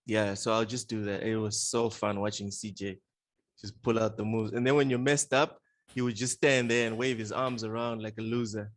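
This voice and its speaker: Playful, animated male podcast co-host. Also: lowish voice, moderate pace. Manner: animated, playful, frequent laughter. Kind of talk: casual gaming chat.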